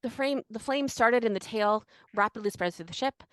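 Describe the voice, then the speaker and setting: A young woman co-hosting a casual history podcast, animated and full of fillers. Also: on the high side, normal speed. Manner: animated, many fillers and restarts. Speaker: podcast co-host.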